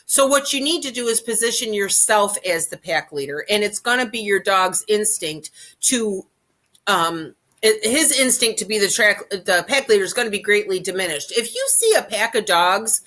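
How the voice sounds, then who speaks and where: A woman's voice: mid-range voice, sharp tone. A woman giving casual, chatty dog training advice, often repeating her points and checking in with "okay?". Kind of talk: informal instructional talk.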